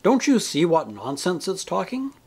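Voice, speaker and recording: Man reading as a gentle, saintly lady spirit. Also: sits high, huge pitch swings, moderate pace, breathy edge, pitched above the performer's own voice, heavily acted. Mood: teasing. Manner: tender, gently teasing, earnest. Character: radiant, joyful, saintly woman spirit.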